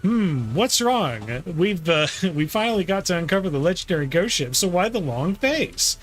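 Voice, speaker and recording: A man's voice: sits high, big pitch swings, moderate pace. Figure: Yuzuha. A man reading a teasing young woman. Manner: teasing, breezy.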